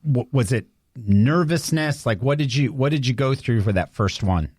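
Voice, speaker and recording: A man's voice: mid-range voice, expressive, normal speed, darkish tone, husky, dry recording. Podcast host guy, mid voice, dry close sound, keeps the questions coming. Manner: encouraging, asks follow-up questions. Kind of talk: casual interview.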